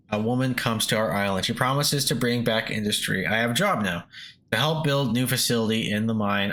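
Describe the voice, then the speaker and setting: A man's voice: fairly low pitch, sharp tone. A man voicing an old male miner reading his journal aloud in broken English with a Russian accent.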